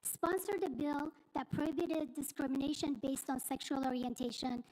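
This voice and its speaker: Woman resident, high voice, reads a prepared statement at a board meeting and slips on a word now and then. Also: normal speed, low-quality recording. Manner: steady, reads from notes, small slips. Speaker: resident at public comment. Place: school board meeting room.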